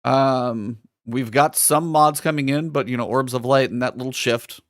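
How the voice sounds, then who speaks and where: A man's voice: medium pitch, normal speed, dry recording, clean studio sound. A man co-hosting a casual gaming podcast, ranting with exasperation and reading chat messages aloud. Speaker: podcast co-host.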